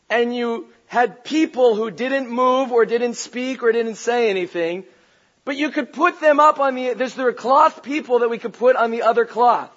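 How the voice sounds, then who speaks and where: High-voiced animated male pastor preaching. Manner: animated and playful, shouting for emphasis. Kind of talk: sermon. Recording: dull lo-fi recording.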